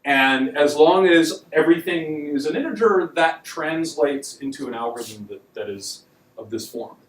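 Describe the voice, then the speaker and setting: A man with a fairly high, animated voice lectures at a moderate pace in a university lecture hall, keeping it casual and wry with lots of ums and leaned-on words. The recording is echoey, and he sounds distant from the mic.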